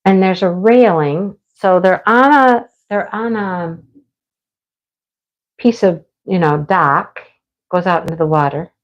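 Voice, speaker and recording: A woman's voice: on the low side, slow, highs cut off. A middle-aged woman chatting casually with her viewers while she works on a craft, laughing often. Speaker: livestream crafter. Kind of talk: casual chat while diamond painting.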